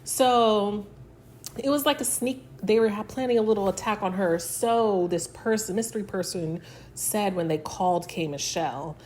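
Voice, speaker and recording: A woman talks through a reality show episode in a loose, chatty recap. Her voice sits in an ordinary middle range, and she slips into quick little impressions of the cast as she retells scenes. A faint noise runs underneath. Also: mid-range voice, darkish tone. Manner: chatty, filler-heavy retelling that acts out quotes. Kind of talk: casual recap chat.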